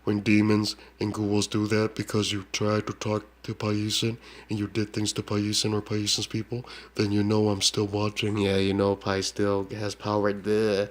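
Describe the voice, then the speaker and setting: A man's voice: on the low side, monotone, moderate pace, few pauses. A man in a rambling, repetitive monologue, taunting and tacking "duh" onto his lines. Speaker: self-proclaimed shaman.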